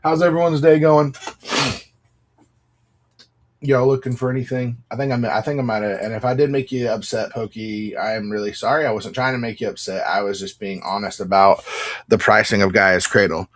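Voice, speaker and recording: A man's voice: on the low side, fairly even intonation, normal speed, a little hiss or hum. Chatty man selling cards on a livestream. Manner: chatty, apologetic, upbeat pack-opening patter. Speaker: livestream card seller. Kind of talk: casual live-selling chat.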